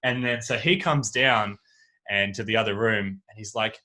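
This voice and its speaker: A man spins an anecdote on a casual podcast, his voice bright and forward. He jumps into the voices of everyone in his story as he goes, and he is talking into a home video-call mic. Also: mid-range voice, moderate pace. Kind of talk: casual chat. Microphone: video call microphone.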